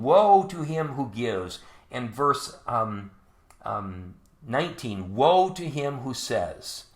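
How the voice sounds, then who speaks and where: A man's voice: medium pitch, a bit bright. A man preaching a sermon, reading scripture verse by verse and asking rhetorical questions. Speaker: pastor. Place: church sanctuary. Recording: echoey church sanctuary.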